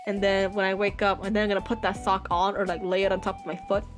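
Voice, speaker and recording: A woman's voice: mid-range voice, little pitch movement, fast, faint music behind. A woman livestreaming from her computer chair, ranting in a dramatic, whiny way with exaggerated wails. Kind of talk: live-stream rant. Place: home computer setup.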